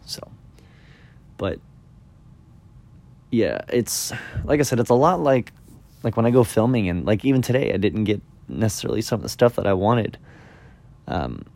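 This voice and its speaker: A man's voice: on the low side, darkish tone. A man talking casually on his own podcast, rambling and tired, yawning now and then. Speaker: magician podcaster. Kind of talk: casual solo podcast talk.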